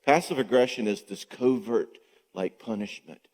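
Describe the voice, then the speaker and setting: At normal speed and medium pitch, a middle-aged man talks conversationally at a marriage conference, teaching as he animatedly acts out what husbands and wives say. The recording has the long reverb of a church hall.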